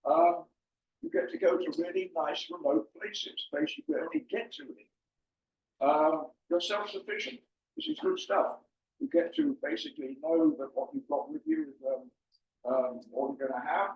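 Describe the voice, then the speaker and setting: An older man talks through his slides in a loose, joking way, filling pauses with ums. His voice sits a little high and comes from some distance off. The room echoes, and the sound is muffled. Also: sing-song, creaky. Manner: jokey, chatty, with many ums. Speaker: presenter. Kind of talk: informal slide presentation. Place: meeting room with an audience. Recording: far-off mic, roomy and muffled.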